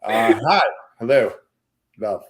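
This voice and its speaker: A man joking his way through a casual panel chat over a video call. His voice swings widely in pitch, and he keeps up quick teasing asides. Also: animated. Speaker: regular panelist.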